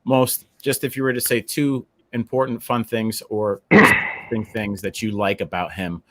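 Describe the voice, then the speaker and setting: A man's voice: on the low side, fairly even intonation, moderate pace, bright, forceful tone, no echo. A man hosting a casual interview, asking questions hesitantly with many ums and restarts. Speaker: interview host.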